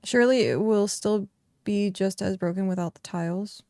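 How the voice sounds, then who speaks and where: A chatty woman streamer talks casually over her game, wandering through her thoughts with plenty of fillers. Her voice sits at a middle pitch and is recorded dry and close, with no room sound around it. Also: moderate pace, dark tone, no room sound. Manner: chatty and rambling, many fillers. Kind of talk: casual chat while livestreaming a game.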